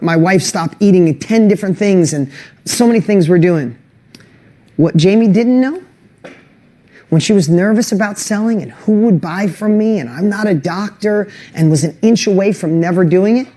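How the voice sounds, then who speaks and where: A middle-aged man with a high-sitting voice hosts an online course webinar, giving a motivational talk. He speaks earnestly and emotionally, growing louder as he works through rallying lists.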